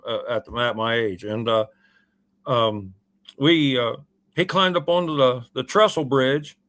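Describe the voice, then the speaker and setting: A man's voice: mid-range voice, a bit bright. A man in his sixties, a radio show guest, telling a long story in a rambling, folksy way full of uhs and ums. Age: 60s. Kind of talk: casual storytelling.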